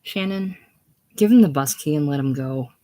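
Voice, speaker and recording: A reader playing a worldly woman who keeps a hotel, her voice dropping low and soft as she coaxes. The tone stays unhurried and soothing. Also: expressive, natural voice. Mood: coaxing.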